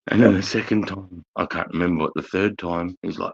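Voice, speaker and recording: Gravelly deep-voiced Australian man. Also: a little fast, few pauses. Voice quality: coarse, profane, animated storyteller. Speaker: live-stream host telling army stories. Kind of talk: casual storytelling chat. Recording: dull lo-fi stream audio.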